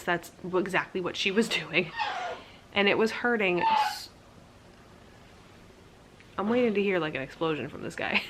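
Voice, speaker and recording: Young woman, vlogger, slightly low and bright, candid chatty storyteller with filler words. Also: slight background noise. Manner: chatty, candid, frequent "like" fillers, laughs at herself. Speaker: vlogger telling her birth story. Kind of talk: casual storytelling to camera.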